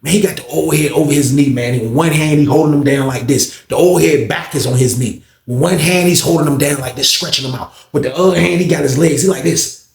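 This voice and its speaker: A man tells a story in loose street slang, animated and acting out the voices of the people in it. His voice sits a bit high, with a gravelly fry running through it. The room around him is echoey. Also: a little fast. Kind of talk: casual storytelling.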